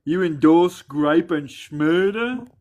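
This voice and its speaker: A man's voice: a little high, animated, slow, a little mellow. A man, joking and laughing through casual banter as co-host of a live stream panel. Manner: laughs often, mocking teasing tone.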